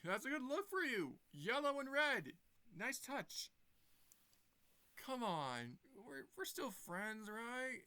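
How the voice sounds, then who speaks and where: A man's voice: sing-song, slow, sharp tone, clear, resonant tone, full character voice. A guy squealing as a gloating villain scientist. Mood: wheedling. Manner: shrill, squealing exclamations. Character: manic male villain scientist, boastful.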